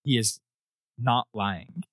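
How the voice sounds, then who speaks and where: A man narrating as dungeon master in a relaxed, rambling way with frequent laughs. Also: mid-range voice, slow. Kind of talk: narrating a tabletop game.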